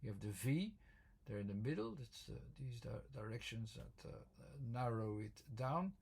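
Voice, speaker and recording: Hesitant man with a gravelly, husky voice. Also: medium pitch, lively intonation, normal speed, a little mellow. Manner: hesitant, many fillers and restarts. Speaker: video presenter explaining his word-form theory. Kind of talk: unscripted explanatory talk.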